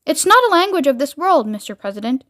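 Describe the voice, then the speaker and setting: Storybook reading: woman as a jittery, deferential male interpreter, quick and high, dry close sound. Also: sing-song, fairly bright tone, no room sound. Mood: nervous. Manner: hurried, timid. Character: nervous, deferential man interpreter.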